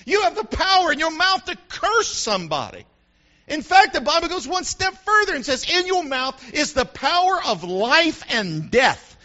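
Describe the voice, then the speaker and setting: A man preaching a sermon to his congregation, animated and preacherly, acting out the voices he quotes. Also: very high-pitched, normal speed, muffled recording. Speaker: pastor. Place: church sanctuary with congregation.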